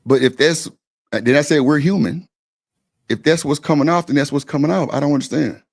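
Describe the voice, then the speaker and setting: Guy with a gravelly voice going off on a stream, blunt and repetitive, cussing a lot. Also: fairly high pitch, a little fast. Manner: blunt, insistent, repeats himself, swears freely. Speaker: stream panel host. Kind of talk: heated argument on a live stream.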